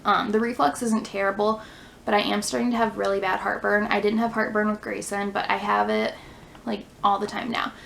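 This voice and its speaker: Chatty pregnant woman with gravelly voice. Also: medium pitch, little pitch movement, a little fast, fairly bright tone, slight background noise, poor audio. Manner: chatty, many "like" fillers. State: out of breath. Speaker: vlogger, stay-at-home mom. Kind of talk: casual pregnancy update vlog. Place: home near a fire station.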